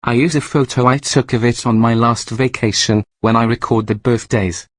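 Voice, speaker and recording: Tentacled otherworldly announcer, played by a man, matter-of-fact, courteous, mid-pitched, dry recording. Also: steady tone, moderate pace, no echo, natural voice. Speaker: birthday announcer. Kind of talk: mock interview.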